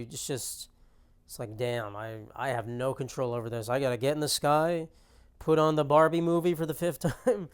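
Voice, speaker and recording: Man, podcast host, casual rambling monologue, heavy on fillers, mid pitch.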